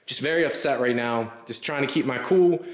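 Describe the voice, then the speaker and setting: A man's voice: medium pitch, a little fast. A man hosting a casual garage vlog, rambling and frustrated as he works on his car. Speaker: car builder and channel host. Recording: roomy garage echo.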